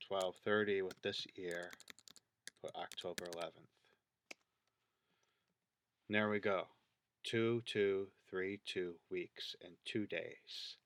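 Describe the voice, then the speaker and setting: A man with a very low voice but a bright, forceful edge talks casually over video clips. He thinks aloud, counts things out and points at details as he goes, close and dry. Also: no echo. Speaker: video creator.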